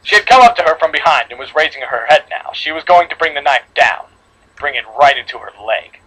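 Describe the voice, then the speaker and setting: A man reads a gory fan story aloud to his friends in a dramatic voice. His pitch sits a bit high and moves a lot. There is a husky grain to his tone. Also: animated, a little fast, pushed and bright, low-quality recording. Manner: dramatic reading with slips and re-reads. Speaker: story reader.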